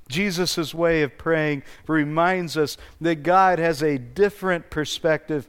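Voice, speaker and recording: Slow, smooth-voiced male pastor. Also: fairly high pitch, fairly bright tone. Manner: earnest storytelling with small restarts. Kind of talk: sermon. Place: church.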